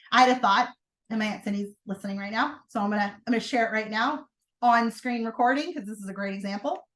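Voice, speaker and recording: A woman leading a sales team training, talking in an energetic, chatty way with sudden excited outbursts. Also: high voice, brisk. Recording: roomy echo.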